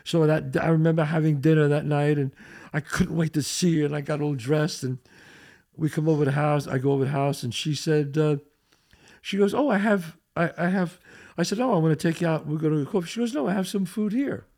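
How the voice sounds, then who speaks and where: An older man, hosting a podcast and telling a profane, animated story in which he acts out the quotes. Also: on the high side, fairly quick, gravelly. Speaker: host.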